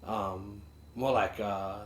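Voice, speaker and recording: A man's voice: lowish voice, fairly even intonation, slow. A man co-hosting a casual music review chat, rambling with many fillers and restarts. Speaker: podcast co-host. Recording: roomy sound with faint ambient noise.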